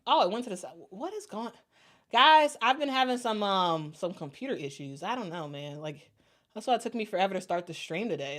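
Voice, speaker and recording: A woman's voice: medium pitch, expressive, normal speed, fairly bright tone. A woman hosting a casual sports live stream, talking loosely with fillers and restarts, using informal vernacular like "y'all". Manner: speaks informal Southern-style vernacular (y'all, I'ma, gon).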